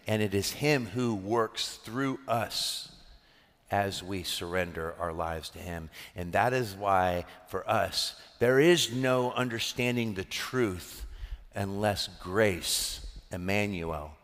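A man's voice: on the low side, slow, a bit bright, big-room sound. A man preaching a sermon as pastor, earnest and building to impassioned emphasis.

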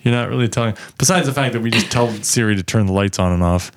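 A man's voice: lowish voice, fast talker, slight background noise. A man co-hosting a podcast, chatting casually, joking and swearing, acting out little quotes. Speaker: podcast co-host. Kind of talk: casual chat.

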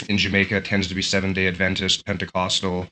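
A man telling a personal story in a casual, animated way, with lots of fillers and restarts. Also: low-pitched, fast talker, soft background music.

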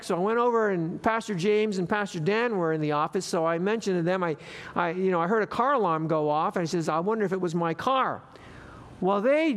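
Male pastor, fairly high voice, storytelling sermon that repeats key lines, empty room. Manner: storytelling, repeats phrases for emphasis.

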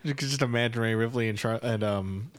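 A man's voice: mid-range voice, a little fast, no room sound. Man, podcast co-host, hesitant, fillers, dry sound. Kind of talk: casual wrestling chat.

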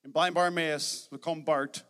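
In a steady tone at normal speed, the pastor's bright, high, forceful voice fills the church sanctuary with a long reverb. He preaches with energy and emphasis, slipping in humorous asides for the congregation.

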